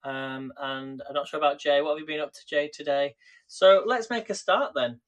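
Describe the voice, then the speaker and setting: A man's voice: fairly high pitch, moderate pace. A man hosting a live cooking stream, chatting casually and greeting viewers by name, recorded in a home kitchen on a camera set on a tripod.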